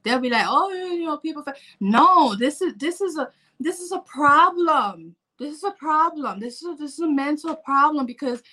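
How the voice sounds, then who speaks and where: A woman in her forties talking casually to camera in a vlog, animated and playful. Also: high-pitched, normal speed. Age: 40s. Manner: animated, playful, acts out her own inner voice. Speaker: fitness vlogger.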